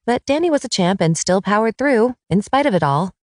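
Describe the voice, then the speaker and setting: A woman narrating a first-person romance audiobook in a teasing, lively read. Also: mid-range voice, fairly quick, no room sound, studio quality.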